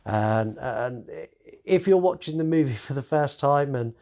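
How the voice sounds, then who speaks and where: A man's voice: medium pitch, expressive, unhurried, a little mellow. A man hosting a podcast, recapping a horror movie in casual chat, swearing freely and stumbling over restarts. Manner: swears freely, acts out characters' lines; many fillers and restarts. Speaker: podcast host.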